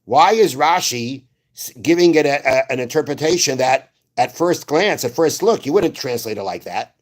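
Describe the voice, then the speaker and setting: Un hombre da una clase religiosa como rabino y explica los versos con calma, citando textos antiguos y repitiendo frases para aclararlas. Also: male voice, mid-range voice. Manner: explains slowly, repeats phrases, quotes Hebrew verses. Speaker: rabbi. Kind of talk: Torah class.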